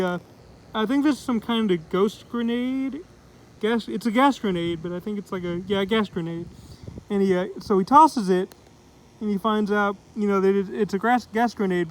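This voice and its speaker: A man's voice: high-pitched, normal speed, poor audio. A man giving a casual spoken comic book review, rambling with lots of fillers as he loosely paraphrases the characters.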